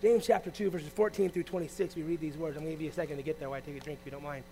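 Male pastor, high voice, lively sermon delivery, faint hum on the recording. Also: racing, poor audio. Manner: animated preaching, swinging between loud and hushed.

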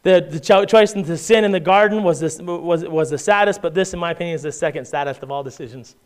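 A man delivers a sermon in a conversational way, weaving in scripture readings and frequent check-ins with his listeners. His voice is smooth and resonant. It sits a little higher than most men's. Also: fast talker. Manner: conversational preaching with frequent "right?" asides and restarts; reads scripture aloud in King James style. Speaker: pastor.

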